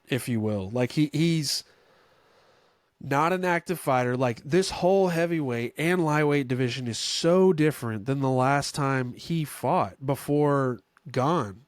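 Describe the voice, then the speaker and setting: Rambling, excitable man talking fights. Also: mid-range voice, no room sound, clean studio sound. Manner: rambling, self-correcting, filler-heavy; excitable bursts of enthusiasm. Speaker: podcast host. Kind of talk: casual solo sports chat.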